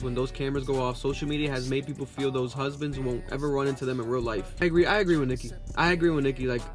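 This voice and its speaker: A man hosting a podcast, reading social media posts aloud and reacting in a loud, profane, excitable way. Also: fairly high pitch. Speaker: podcast host reacting to memes. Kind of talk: casual reaction commentary.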